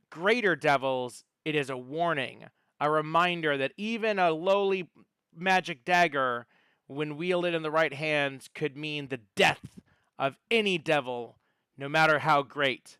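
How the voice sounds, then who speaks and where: Game master, male, smooth, dry close sound, chatty lore-teller with ums. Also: a little high, bright, forceful tone, no room sound. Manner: storytelling with many fillers and restarts. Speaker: dungeon master. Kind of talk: narrating a tabletop game.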